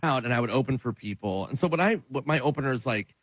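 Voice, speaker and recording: A man's voice: medium pitch, animated, quick pace, a bit bright, no room sound, low-quality recording. Comedian guy rambling thru a story, lots of restarts, dry close sound. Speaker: comedian guest. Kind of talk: storytelling on a radio show.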